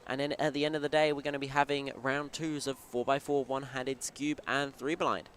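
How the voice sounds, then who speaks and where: A man doing live play-by-play commentary at a competition, quick and upbeat. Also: medium pitch, little pitch movement, fairly bright tone, a little hiss or hum.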